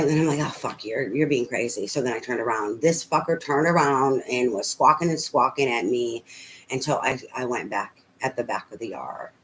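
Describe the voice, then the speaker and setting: A woman's voice: extremely low pitch, a little hiss or hum, rough recording. A middle-aged woman telling a rambling personal story as a tarot reader, full of fillers and casual swearing.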